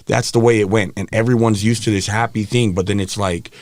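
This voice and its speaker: A man speaking with a lowish voice recounts his past openly as a podcast guest. His talk is frank and meandering, full of restarts. The sound is close and dry, with no room around it. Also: fairly even intonation, brisk, a little mellow, no room sound. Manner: frank, rambling, with frequent restarts. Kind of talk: candid personal storytelling.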